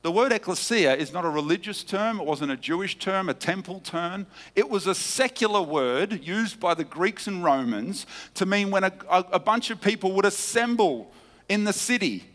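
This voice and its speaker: A man's voice: animated, normal speed. Emphatic male preacher in a reverberant hall. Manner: emphatic teaching, dynamic swings in pitch and loudness. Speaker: pastor. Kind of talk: sermon.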